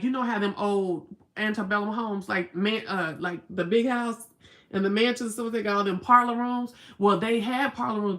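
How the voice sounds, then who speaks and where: Chatty Southern woman with a gravelly edge. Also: medium pitch, a bit bright. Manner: chatty, reads viewer comments aloud, storytelling. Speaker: livestream host. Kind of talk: casual livestream chat.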